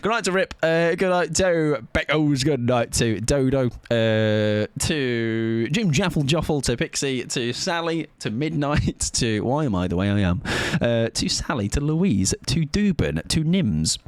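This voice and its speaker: A young man chats loosely to his viewers at the end of a stream, rambling and poking fun at himself. His pitch swings widely as he lapses into sing-song goodnights. The sound is close and dry, with no room echo. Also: lively intonation, unhurried, few pauses, clear, resonant tone. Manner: rambling, self-mocking, sing-song sign-offs. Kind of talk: casual end-of-stream chat.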